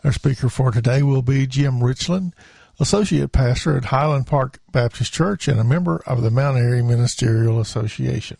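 A man's voice: medium pitch, normal speed, gravelly, dark tone, no echo. A man introducing a radio program and its guest speaker in a formal announcing tone.

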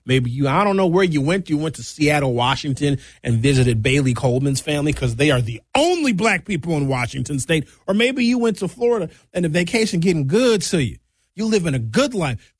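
Chatty animated male radio host. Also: fairly high pitch, slightly rough, no room sound. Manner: animated, chatty, slangy asides. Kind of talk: casual talk radio monologue.

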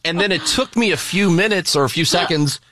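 A man co-hosting a talk show, telling an embarrassing story in a casual, animated, self-mocking way. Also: sits high, brisk.

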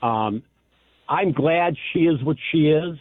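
A man's voice: a little high, animated, slow pace, no echo. Man caller, heartfelt, tinny phone line, dry. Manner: warm, heartfelt. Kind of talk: call-in radio talk.

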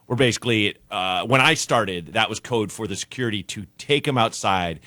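A man, a comedian guest on a radio show, telling an anecdote in an animated way, acting out the people in it. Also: on the low side, moderate pace, dry recording. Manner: animated, acts out voices in anecdotes. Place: radio studio.

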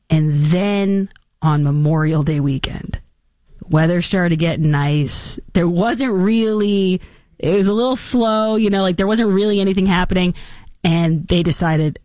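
A woman in her thirties hosting an opinionated talk show, animated and mocking in her delivery. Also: lowish voice, measured pace, dry recording, studio quality. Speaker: host.

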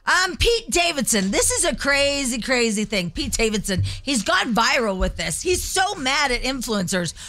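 Bright-voiced gossipy woman host. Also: high-pitched, sing-song, normal speed, hardly any pauses. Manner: gossipy, chatty, many fillers. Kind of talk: casual chat show.

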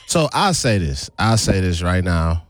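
A man's voice: deep voice, very animated, a little slow, no room sound, studio quality. Laid-back male talk show host. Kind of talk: casual chat.

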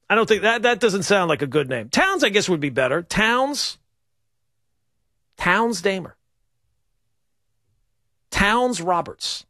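A male sports radio host riffs in a rambling, wry monologue. His voice sits high and swings widely in pitch, and it sounds dry and close in the studio. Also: sharp tone, no room sound. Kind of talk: casual talk radio monologue.

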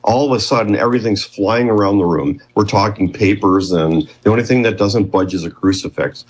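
Man, 50s, interview guest, low voice, husky, rambling storyteller. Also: fairly quick, low-quality recording.

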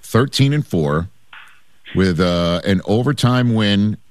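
A man's voice: lowish voice, animated, slow, no room sound. A man hosting a sports radio show, chatting casually with playful, joking banter.

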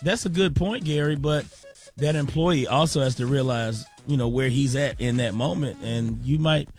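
A man working as a morning radio announcer, reading ads smoothly and joining the on-air debate casually. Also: medium pitch, normal speed, darkish tone, faint music behind. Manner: smooth announcer delivery, then casual argument. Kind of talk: ad read and morning show banter.

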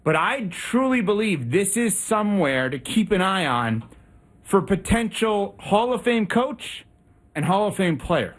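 Breathless, husky-voiced sports radio man. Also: high voice, a little slow. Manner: animated, talkative analysis.

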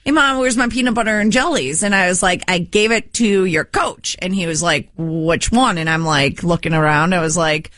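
A woman's voice: lowish voice, normal speed, few pauses, a bit bright, no room sound. A woman chatting casually, telling a story with frequent laughs.

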